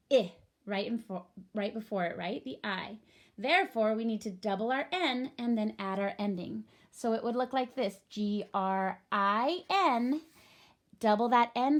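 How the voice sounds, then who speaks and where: Upbeat woman teaching young kids. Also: a little high. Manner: upbeat, patient, talks straight to the kids. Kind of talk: recorded remote phonics lesson for young children.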